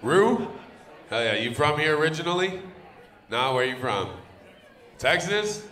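A man doing crude live stand-up, joking with the crowd and bursting into loud teasing. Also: on the high side, sing-song, a little slow. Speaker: stand-up comedian. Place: comedy club stage. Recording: echoey live club room.

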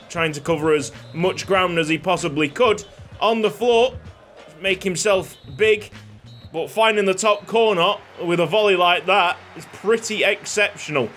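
A man giving excitable play-by-play commentary on his own football video game, shouting and laughing when goals go in. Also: sits high. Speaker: gaming YouTuber.

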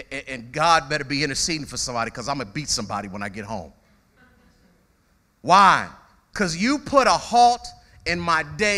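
A man preaching a lively, storytelling sermon. His voice is bright and fairly high, and it swings widely in pitch. He talks straight to the congregation and doubles up his words as he builds each point. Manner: animated, conversational preaching with call-outs to the congregation; repeats words when starting phrases. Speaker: pastor.

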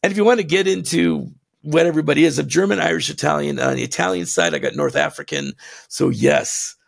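A man co-hosting a podcast who rants in a heated, blunt way, laughing between his jabs, with a gravelly voice. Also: on the high side, a little fast. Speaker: podcast co-host. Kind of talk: impassioned ranting podcast talk.

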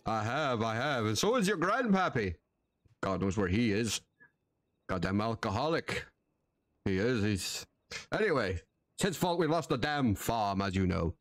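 A man's voice: lowish voice, animated, no echo, pitched below the performer's own voice, lightly acted. A man playing a doting old rancher dad. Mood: tender. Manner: dramatic, drawn-out, prone to frantic shouting. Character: doting, emotional older male rancher father. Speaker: roleplay streamer. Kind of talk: live roleplay voice acting.

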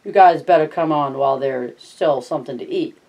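A reader voicing Slim, a calm, dignified ranch man in a read-aloud of a novel. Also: medium pitch, a little fast, creaky, lo-fi sound, close to an everyday voice.

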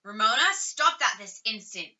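A woman's voice: a little high, animated, unhurried, sharp tone, heavily acted. A woman voicing a bossy, responsible older schoolgirl who keeps scolding her little sister, in a storybook reading. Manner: scolding, prim. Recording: slightly distant, dull lo-fi recording.

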